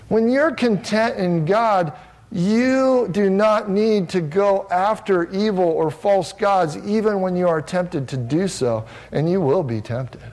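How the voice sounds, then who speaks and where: A pastor delivers a sermon in an earnest, emphatic manner, his voice sitting a little higher than most men's. He often restarts phrases as he builds his points. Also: a little slow, darkish tone.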